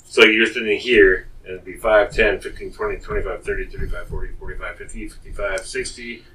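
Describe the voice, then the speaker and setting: Male player, bright edgy tone, eager rules talk, off-mic. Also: fairly low pitch, big pitch swings, a little fast, distant mic, rough recording. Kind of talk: casual tabletop game chat.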